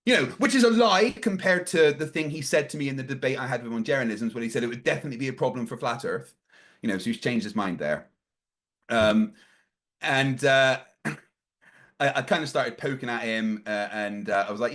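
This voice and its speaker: A man hosting a casual talk show, telling a story with lively voices for the people he quotes. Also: mid-range voice, fairly quick. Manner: animated, acts out quoted voices. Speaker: podcast host.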